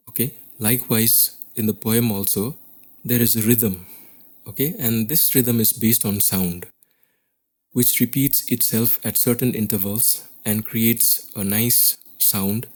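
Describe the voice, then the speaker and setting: A man with an Indian English accent teaches a class lesson on poetry. His voice is fairly low in pitch with a darkish tone. He explains things step by step and keeps checking in with "okay?".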